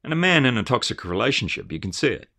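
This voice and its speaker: Earnest man with a lively voice. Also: mid-range voice, quick pace, creaky. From Australia. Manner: earnest and emphatic, with repeated restarts. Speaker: commentator. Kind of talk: rambling video commentary.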